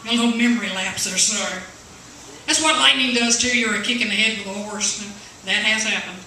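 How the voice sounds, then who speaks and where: A woman from West Virginia with an Appalachian accent, doing stand-up at an open mic in a coffee house, halting and nervous with many fillers. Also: medium pitch, pushed and bright, far from the mic, a little hiss or hum. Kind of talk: stand-up comedy. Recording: echoey room, taped from afar.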